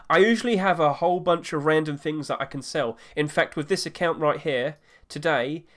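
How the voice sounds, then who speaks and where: A man talking casually on his own about market prices, rambling a little and correcting himself as he goes. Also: a little high. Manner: rambling, self-correcting, chatty. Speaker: gaming market commentator. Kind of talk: casual solo commentary.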